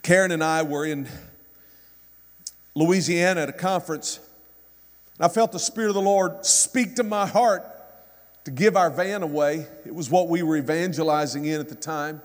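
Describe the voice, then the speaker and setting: A man's voice: on the high side, normal speed, pauses often. A man preaching a sermon in a church, retelling a story with impassioned, preacherly delivery. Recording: long reverb from a hall.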